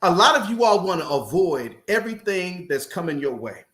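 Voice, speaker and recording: High-voiced pastor preaching on a show, repeats phrases, roomy echo. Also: male voice, very animated, fairly quick, fairly bright tone. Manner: preacherly, building passion, repeats key phrases. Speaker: pastor, guest. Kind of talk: preaching in a podcast interview.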